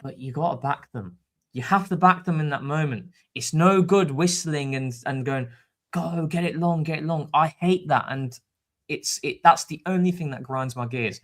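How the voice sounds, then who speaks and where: Casting note: man, animated fan-show co-host, mid-pitched, quick to laugh. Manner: animated, excitable, laughs often. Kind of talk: casual live-stream chat.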